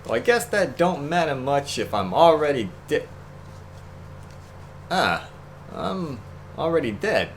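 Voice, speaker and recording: Guy doing a brassy old-timey tough-talking ghost lady, greedy, kinda raised pitch, faint hum behind. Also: big pitch swings, slow pace, long pauses, heavily acted. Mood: brash. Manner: gruff mock gangster accent, slangy. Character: greedy dead woman ghost, brash old-time tough talker.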